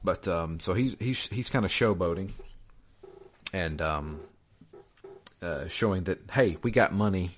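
Deep-voiced man chatting casually. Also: breathy edge. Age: adult, married. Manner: rambling, halting, many fillers and restarts. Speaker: podcast co-host recapping a game. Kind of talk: casual chat.

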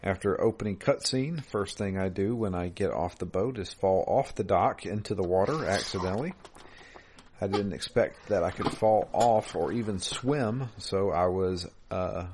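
A man co-hosting a casual gaming podcast over a remote call, relaxed and rambling. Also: deep voice, moderate pace, slight background noise. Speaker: podcast co-host. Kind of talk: casual chat.

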